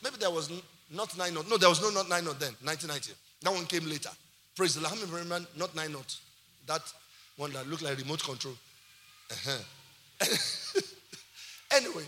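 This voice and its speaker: A Nigerian man preaching with real energy, his voice sitting high and ringing bright. He mixes in Yoruba phrases and rises to shouts when he drives a point home. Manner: animated, switches into Yoruba phrases, shouts for emphasis. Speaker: pastor. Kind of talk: sermon.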